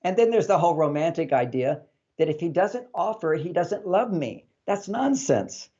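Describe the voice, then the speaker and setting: A man giving relationship advice as an interview guest, a lively storyteller who acts out the dialogue he quotes. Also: on the high side, moderate pace, breathy edge, dull audio.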